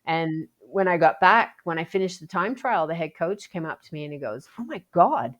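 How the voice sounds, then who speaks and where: In a low voice at normal speed, a Canadian Paralympic athlete shares her experiences as a podcast guest in a relaxed interview. She tells it animatedly, voicing quotes and restarting frequently.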